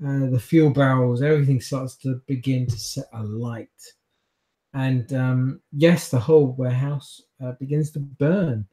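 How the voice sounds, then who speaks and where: A man's voice: mid-range voice, steady tone, measured pace, mellow. A man narrating as game master of a tabletop game, loose and rambling with many fillers.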